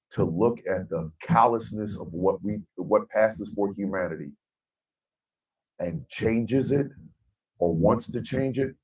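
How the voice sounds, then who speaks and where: A man's voice: low voice, darkish tone, distant mic, low-quality recording. An American man hosting a radio morning show, speaking in an emphatic, blunt and profane monologue. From United States.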